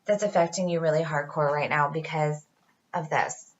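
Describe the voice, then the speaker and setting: Woman doing a chill tarot reading, lowish voice, chatty, talking right to viewers, kinda muffled lo-fi audio. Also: steady tone, normal speed. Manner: chatty, reassuring, talks straight to viewers. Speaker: tarot reader. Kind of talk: casual tarot reading to camera.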